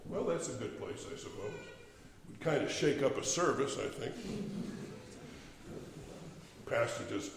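A man preaching a sermon, emphatic and building to fervent shouts. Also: medium pitch, expressive, normal speed, gravelly, roomy sound, long reverb tail, a little hiss or hum.

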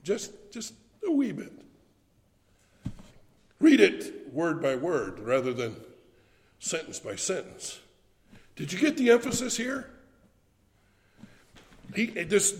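Man, preacher, sermon, emphatic, rising to shouts, roomy echo. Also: high voice, very animated, slow, pauses often. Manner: emphatic, building to fervent shouts.

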